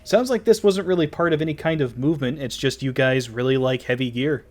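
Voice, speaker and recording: A man's voice: medium pitch, fairly quick, a little mellow. Man hosting a casual interview. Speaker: channel host and interviewer.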